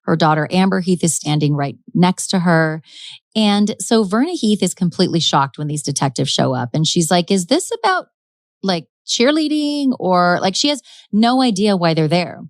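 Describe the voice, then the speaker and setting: In a dry recording, a woman with a fairly low voice and moderate pace hosts a podcast. She retells an actual crime case conversationally and dramatically, laughing a lot along the way.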